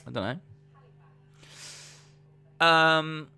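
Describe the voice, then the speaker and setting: A man's voice: on the high side, very slow, creaky, pushed and bright, smooth, soft background music. A man with an English accent casually chatting on a live stream, reading out viewer comments in a rambling, self-deprecating way. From England. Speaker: wrestling watch-along streamer.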